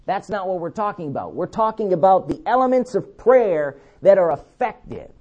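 A man preaching a sermon, emphatic, repeating key words and slowing down to read scripture. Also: sits high, sing-song, darkish tone, dull audio.

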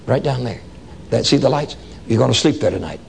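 A man's voice: medium pitch, expressive, a little fast, creaky, a little hiss or hum, pitched below the performer's own voice. A man voicing a self-assured local male guide in a spoken story, matter-of-fact and insistent. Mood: reassuring. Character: a local male jungle guide, sure of himself.

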